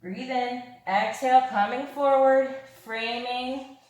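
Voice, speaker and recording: A woman leading a fast yoga class with upbeat, encouraging cues, a little out of breath. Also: fairly high pitch, steady tone, a little mellow. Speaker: yoga instructor. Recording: very echoey room.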